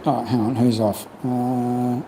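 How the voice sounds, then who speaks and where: A man hosting a casual livestream chat, rambling and reflective, full of "you know", his voice slightly croaky from long talking. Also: mid-range voice, flat delivery, slow, dark tone, slight background noise, low-quality recording. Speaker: livestream host. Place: home in Cambodia.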